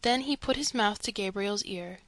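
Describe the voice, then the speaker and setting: A woman narrates a classic novel at a middle pitch. The recording is dry and close, with no room sound. She reads steadily and lifts her voice for each character's quoted speech. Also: moderate pace, a bit bright, dry recording. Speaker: audiobook narrator. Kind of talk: scripted narration.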